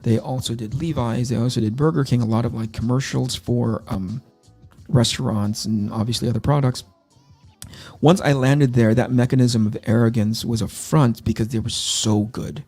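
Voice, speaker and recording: Mellow-voiced man telling candid stories. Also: medium pitch, fairly even intonation, moderate pace, soft background music. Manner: candid, self-deprecating anecdotes with many restarts. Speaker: comic artist hosting a launch stream. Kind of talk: casual storytelling.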